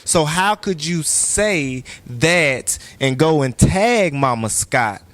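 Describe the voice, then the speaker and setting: A high-pitched man holds the floor as a guest on a podcast, heated and emphatic and quick to curse. The sound is dry and close, with no room around him. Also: dry recording. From East Texas. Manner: animated, emphatic, profane ranting.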